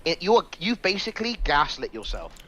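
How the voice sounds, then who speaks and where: A man's voice: fairly high pitch, very animated, fairly quick, pushed and bright. A man cutting into a debate, exasperated, calling the other "bro" and "brother". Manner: interrupting, exasperated, says "bro". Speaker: debate guest.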